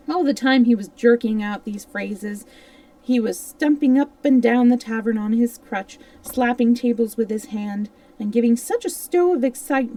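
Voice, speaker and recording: A woman reading a classic adventure novel aloud as a live storyteller, steady with small slips she corrects. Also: mid-range voice, no room sound, distant mic, low-quality recording.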